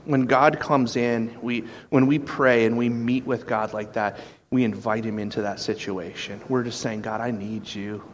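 A man preaching a sermon, animated, acting out quoted voices with sudden jumps in pitch. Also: normal speed, slight background noise. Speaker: pastor.

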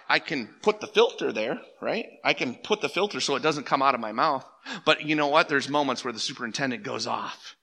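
A middle-aged man delivers a sermon in a church, his voice strikingly bright and slightly high. He talks in an earnest, conversational way, circling back with restarts before building to emphatic peaks. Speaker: pastor. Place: church sanctuary.

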